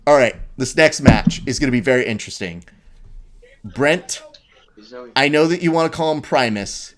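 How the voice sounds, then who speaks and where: A man hosts a casual live stream and tells stories with animated energy. He swears freely and talks in a loose, conversational way. His voice sits at an ordinary middle pitch. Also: normal speed. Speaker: host.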